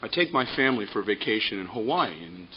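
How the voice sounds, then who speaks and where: A man's voice: fairly low pitch, expressive, fast, lightly acted. A man voicing a simple, earnest father in a joke, bewildered and stumbling a little, on a dull lo-fi recording with faint hiss. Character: simple ordinary middle-aged father.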